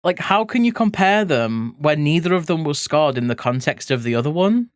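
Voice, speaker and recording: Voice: mid-range voice, animated, moderate pace, no room sound, studio quality. Chatty art streamer. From England (grew up in Leeds). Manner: chatty and playful, reading chat aloud, casual swearing. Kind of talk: casual chat with live viewers while drawing.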